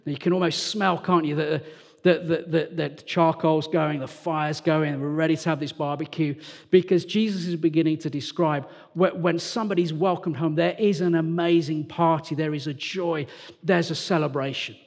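A man from England preaches with a fairly high voice, swinging between bright, animated storytelling and low, hushed asides. His voice carries a long reverb from a church hall. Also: moderate pace, creaky. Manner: animated storytelling, acts out characters, drops to hushed tones. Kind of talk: lively sermon.

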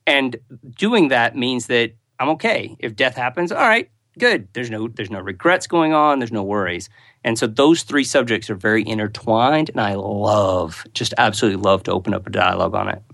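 A man's voice: mid-range voice, lively intonation, normal speed, vocal fry, fairly bright tone, no room sound. A man speaking as a podcast guest, earnest and open about what he loves to discuss. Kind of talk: conversational interview.

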